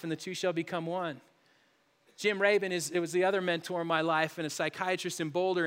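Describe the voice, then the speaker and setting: Man, middle-aged pastor, sermon, bright voice, long church reverb. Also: high voice, clear, resonant tone. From Colorado. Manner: storytelling with many restarts, dropping to a hush on solemn lines.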